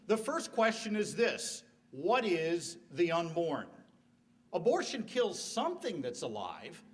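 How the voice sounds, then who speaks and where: A man's voice: high voice, a bit bright, recorded from a distance. A middle-aged man giving a formal debate speech in a university hall, emphatic, with rhetorical questions and joking asides. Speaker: debate speaker.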